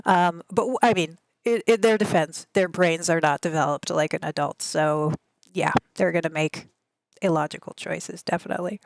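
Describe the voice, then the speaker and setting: A woman's voice: lowish voice, fairly even intonation, moderate pace, dry recording. A woman in her thirties with a Midwestern American accent, chatting casually with her live stream audience. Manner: chatty, rambling, reads chat aloud. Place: home gaming desk.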